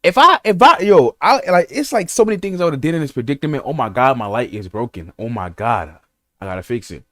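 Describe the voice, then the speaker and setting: A man's voice: mid-range voice, sing-song, brisk, fairly bright tone, no echo. A young man, reacting to a video in casual, slangy, rambling commentary to his chat. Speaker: streamer reacting to a story video. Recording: music playing behind.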